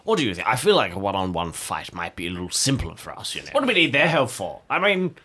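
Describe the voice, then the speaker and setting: A man's voice: fairly low pitch, wildly swooping pitch, fast, sharp tone, husky. A man playing in a tabletop game, speaking in a pompous, hammy knightly manner. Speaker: player. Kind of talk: tabletop role-play.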